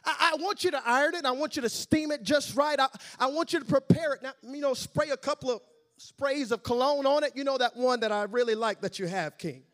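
A man's voice: high voice, a little fast, hardly any pauses, lightly acted. A man voicing a boastful, scheming male royal advisor who rambles and fusses over details while telling a story in a sermon. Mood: smug. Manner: rambling, self-important, fussy over details.

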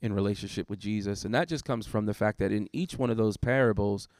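Here the same kind of guest preacher, a man, walks through a sermon he preached in relaxed conversation, pondering it aloud amid many fillers and false starts. He talks quickly in a lowish, somewhat dark voice, and the recording is dry.

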